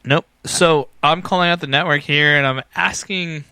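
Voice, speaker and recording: A man's voice: fairly high pitch, fairly even intonation, normal speed, crowd noise. A man co-hosting a casual podcast, telling rambling, profane stories and laughing often. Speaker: podcast co-host. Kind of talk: casual bar-talk podcast chat.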